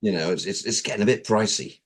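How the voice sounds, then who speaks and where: A man's voice: lowish voice, fast. A man co-hosting a podcast in casual chat, playfully riffing on ideas. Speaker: podcast co-host.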